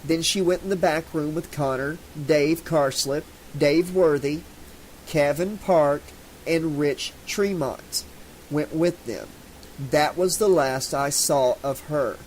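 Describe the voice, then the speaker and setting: A man's voice: fairly high pitch, slow pace, a little hiss or hum, low-quality recording. A man voicing a young Southern American jock, his speech slightly slurred and defensive.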